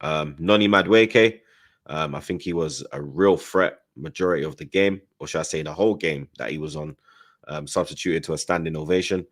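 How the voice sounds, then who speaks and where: A man's voice: rumbling low, normal speed. A man hosting a casual live-stream football chat, heavy on slang and tag questions. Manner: London slang-heavy, says 'blood' and 'you get me' often. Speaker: host.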